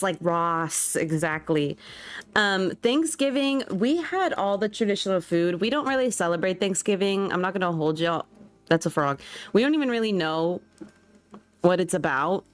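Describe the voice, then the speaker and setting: A woman's voice: medium pitch, dry recording. A young woman streaming and chatting casually with her viewers. She reacts to chat and laughs often.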